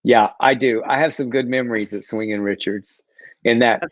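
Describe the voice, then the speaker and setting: Guy cohosting a live chat show, laughs a lot, flat dry lo-fi sound. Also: mid-range voice, moderate pace, no room sound. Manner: chatty, laughing, trips over names. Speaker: co-host. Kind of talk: casual news chat. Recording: dull, dry lo-fi stream audio.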